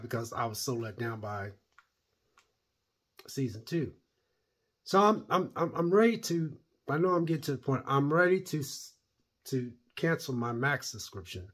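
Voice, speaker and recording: Husky-voiced man ranting about a show. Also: medium pitch, very animated, normal speed, long pauses, fairly bright tone. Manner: rambling, blunt and opinionated. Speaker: show reviewer. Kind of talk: casual spoken review.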